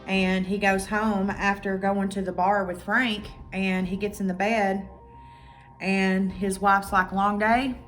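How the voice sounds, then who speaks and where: A woman's voice: medium pitch, slow pace, faint music behind. A woman vlogger casually retelling a true-crime documentary, acting out quotes and swearing freely. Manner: chatty, animated retelling with acted-out quotes and swearing.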